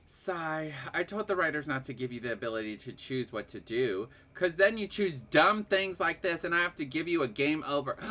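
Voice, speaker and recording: A woman's voice: low voice, lively intonation, moderate pace, hardly any pauses, fairly bright tone. A woman streaming a dating game, reading its text aloud and reacting with laughs and shrieks. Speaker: gaming streamer.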